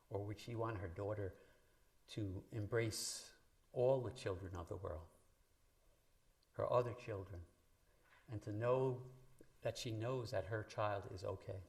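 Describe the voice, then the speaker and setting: A man preaching a sermon in a church, talking conversationally to the congregation and lifting his voice when he quotes scripture. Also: fairly low pitch. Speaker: minister. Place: church sanctuary.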